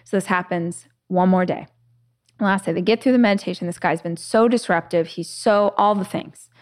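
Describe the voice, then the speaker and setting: A woman hosting a podcast, her voice sitting a little low for a woman. She talks in a relaxed, reflective way and slips into storytelling, with lots of casual fillers along the way. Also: moderate pace. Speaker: podcast host.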